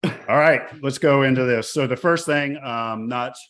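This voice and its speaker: A man's voice: medium pitch, measured pace, fairly bright tone. A man co-hosting a podcast in casual chat, joking and self-deprecating. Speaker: podcast co-host.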